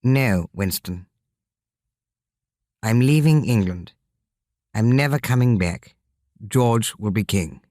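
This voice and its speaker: A soft-spoken young king, sad and earnest, as a man reads him aloud. His lines come slowly and deliberately, in a low voice with a dry, close sound. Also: expressive, no room sound. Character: young male king, gentle and sorrowful. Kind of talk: audiobook character reading.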